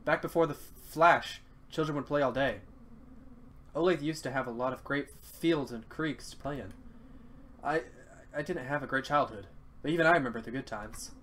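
A man reading out the lines of a gentle, protective masked man from a game, with halting, stammering delivery. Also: mid-range voice, a little hiss or hum, lightly acted. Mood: earnest. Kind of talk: reading game dialogue aloud.

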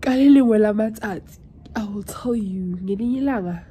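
A woman's voice: medium pitch, normal speed, warm tone, slight background noise. A South African woman in her twenties chatting casually in a vlog, emotional and switching languages mid-sentence. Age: 20s. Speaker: vlogger.

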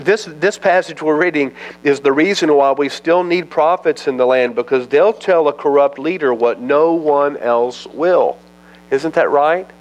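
A male pastor gives a verse-by-verse Bible teaching in a relaxed, folksy way. His voice sits at a middle pitch, and he moves between reading scripture aloud and chatting plainly with his listeners. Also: rough recording. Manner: conversational and folksy, acts out scripture dialogue. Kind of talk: expository sermon, Bible teaching.

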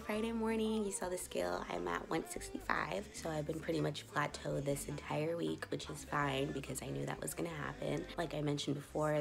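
Late 20s woman vlogging at home, rambly and laughy, gravelly fry in her voice. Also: low voice. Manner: chatty, laughs often, many fillers. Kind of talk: casual vlog chat.

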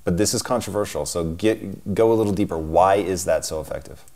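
A man's voice: low-pitched, brisk, vocal fry, dark tone. A man hosting a long-form interview, thoughtful and building long, reflective questions. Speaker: interview show host.

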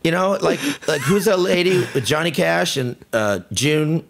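Gravelly, animated man hosting. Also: fairly high pitch, normal speed, noisy background. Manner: laughing, joking, excitable. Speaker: podcast host. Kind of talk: casual banter. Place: indoor room.

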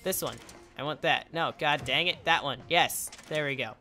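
A man hosting a let's play video, chatting to himself as he plays, with sudden excited yelps and cheers. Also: on the high side, normal speed, soft background music. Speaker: gaming channel host.

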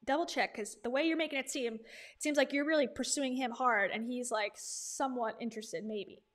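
A woman's voice: a little high, moderate pace. A woman hosting a casual reaction commentary, chatty and sarcastic with laughing asides. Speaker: commentary host.

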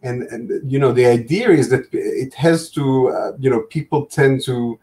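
Man with an Israeli accent, measured explanations, mid-pitched, video call panel. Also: a little mellow. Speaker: clinician panelist. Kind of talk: live panel discussion.

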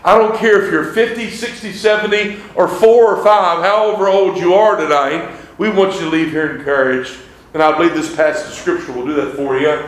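High-voiced preacher in an echoey church. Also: male voice, fairly even intonation, fairly quick. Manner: fervent preaching with quoted scripture in old-style wording. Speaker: evangelist preacher. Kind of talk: revival sermon. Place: church sanctuary.

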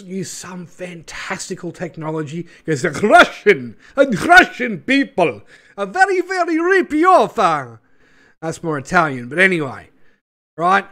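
A man's voice: on the high side, fairly bright tone. A man hosting his channel, ranting in a sarcastic, scornful way with many fillers and asides. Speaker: channel host. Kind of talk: ranting commentary video.

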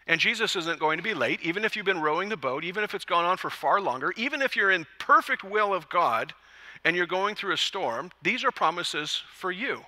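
A man preaching to his church congregation, his voice very bright and ringing. He pitches a little higher than most men and keeps the message lively with jokes and acted-out lines. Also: a little fast, long reverb tail. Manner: lively, joking storyteller who acts out quotes. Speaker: pastor. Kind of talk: sermon. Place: church service.

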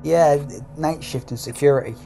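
In a low, moderately paced voice that is creaky and dark-toned, a British woman banters and jokes casually while streaming a ghost-hunting game. She comes across as cheeky, with a mock-pleading edge.

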